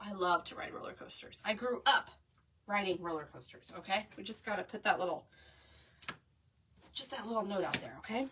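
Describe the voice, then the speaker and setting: Woman, 30s, craft host; bright, higher voice, mic at a distance. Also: slightly rough. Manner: chatty, addresses viewers as y'all, frequent "okay?". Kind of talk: chatty storytelling while crafting. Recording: voice a bit far from the mic.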